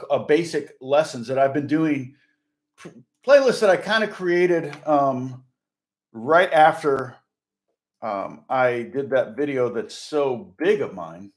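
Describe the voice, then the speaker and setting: Chatty man teaching guitar on a live stream. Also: mid-range voice. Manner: rambling and self-correcting, chatty. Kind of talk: live-streamed guitar lesson with chat questions. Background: guitar playing.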